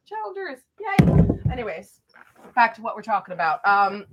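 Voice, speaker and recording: A woman's voice: mid-range voice, a little fast, muffled recording, heavy background noise. A young woman vlogger chatting casually through a storytime, rambling with lots of fillers.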